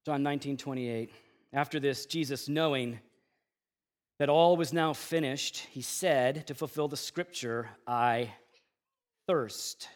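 A man preaching a Good Friday sermon with intense, swinging delivery, casual asides and slang between loud emphatic lines and hushed low ones. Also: measured pace. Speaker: pastor.

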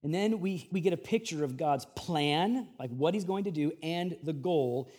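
A male pastor preaching a sermon in an animated, conversational way, with casual slang. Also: a little high, moderate pace.

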